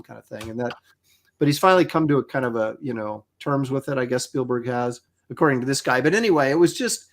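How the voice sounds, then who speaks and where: A man's voice: medium pitch, fast. A middle-aged man chatting casually on a livestream, telling rambling stories with lots of fillers and restarts. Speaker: co-host of a crowdfunding livestream. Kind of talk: casual chat. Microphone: video call.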